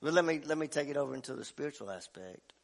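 Man, pastor type, folksy storyteller who builds to shouting, slightly higher pitch. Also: lively intonation, fast, vocal fry. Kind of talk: sermon. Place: church sanctuary.

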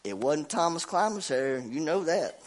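A middle-aged man, preaching and telling a homey story in a folksy, animated way, his voice congested from a cold. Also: fairly high pitch, normal speed. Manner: folksy, animated, laughs at himself. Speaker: pastor. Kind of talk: sermon with personal story.

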